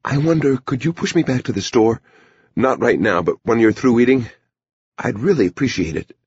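A man's voice: mid-range voice, lively intonation, moderate pace, a little mellow, slightly rough, no echo, pitched above the performer's own voice. A man voicing a frail, strange visionary with a weak, thin voice and a plaintive, pleading manner. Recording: dull lo-fi recording.

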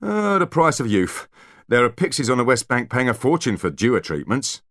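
A man's voice: medium pitch, very animated, a bit bright, dry recording, studio quality, pitched above the performer's own voice. A man voicing a jittery centaur techie. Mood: eager explaining. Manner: hurried, eager explaining. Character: nervous fast-talking male centaur technician.

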